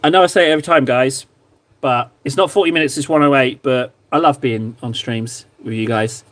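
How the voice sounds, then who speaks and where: Painting miniatures on his livestream, this young male host talks at a fairly quick clip in a medium-pitched, slightly bright voice. His chat with viewers is casual, full of teasing jokes and playful back-and-forth.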